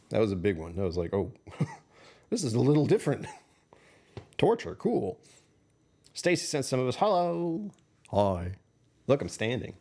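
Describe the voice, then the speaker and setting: A man's voice: on the low side, warm tone. A middle-aged man streaming live, rambling through casual chat with his viewers and chuckling often. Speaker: livestreamer.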